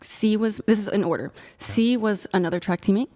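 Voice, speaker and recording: A young woman in her twenties, a panel guest speaking softly and matter-of-factly. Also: mid-range voice, fairly quick. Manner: soft-spoken, matter-of-fact listing. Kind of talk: casual panel chat.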